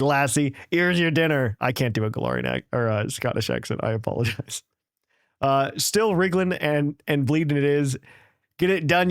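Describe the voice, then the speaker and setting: A man with a higher-sounding voice hosts a casual podcast, recorded clean in a studio with no echo. He reads a listener's email aloud playfully and with jokes, occasionally tripping over his words.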